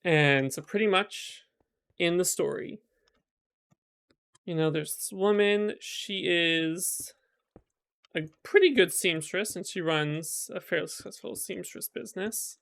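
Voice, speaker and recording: A male streamer casually retells a folk tale while gaming, chatty and rambling, full of fillers. His voice is high and a bit bright with vocal fry, and he speaks slowly.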